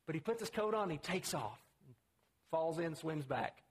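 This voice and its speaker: A man's voice: lively intonation, moderate pace, a little hiss or hum. A man preaching a conversational sermon, acting out the quotes he reads. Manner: conversational, acts out quotes with rising pitch.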